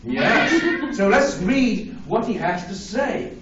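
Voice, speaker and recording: Lively woman storyteller in an echoey library. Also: medium pitch, slow, crowd noise. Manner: animated, playful mock-dismay. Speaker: children's storyteller. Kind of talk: reading a picture-free book aloud to children. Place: public library, large echoey room. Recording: echoey, distant, dull, noisy library recording. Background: children's voices and laughter.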